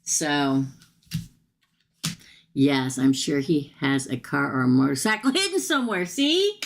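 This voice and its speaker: Low, gravelly-voiced hoarse woman reading tarot. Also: lively intonation, measured pace, a little hiss or hum. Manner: chatty, laughs often, calls the viewer "girl". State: hoarse, losing her voice. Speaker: tarot reader hosting a live stream. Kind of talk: casual live tarot reading.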